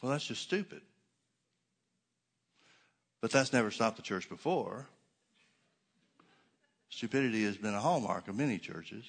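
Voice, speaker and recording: A man's voice: lowish voice, expressive, creaky, husky. Emphatic man preaching a sermon. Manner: emphatic, sarcastic preaching with slow stressed repetitions. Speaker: pastor.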